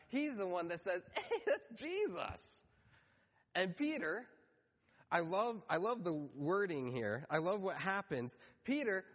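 High-voiced man preaching in a reverberant hall. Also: fairly bright tone. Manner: storytelling, acts out quoted voices briefly. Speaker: pastor. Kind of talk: sermon.

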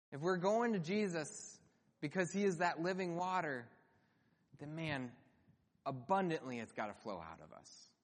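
A man's voice: sits high, fairly bright tone. A man preaching a sermon as pastor, in an earnest, conversational way with emphatic lifts, in a church sanctuary. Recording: long hall reverb.

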